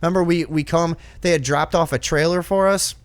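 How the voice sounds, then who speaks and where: A man's voice: a little high, brisk, no room sound. A man co-hosting a casual podcast, telling a rambling story with lots of swearing and mimicking the people in it. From northern United States. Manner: profane, animated, mimics people he talks about. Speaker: podcast co-host.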